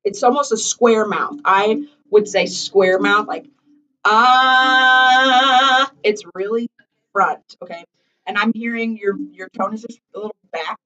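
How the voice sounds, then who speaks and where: A woman's voice: mid-range voice, fairly even intonation, moderate pace, a bit bright, far from the mic. A woman leads a singing lesson, chatty and encouraging, sometimes singing short examples. Her voice comes from a camera set well across the room and sounds dull and muffled. A piano plays now and then in the background. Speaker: voice teacher.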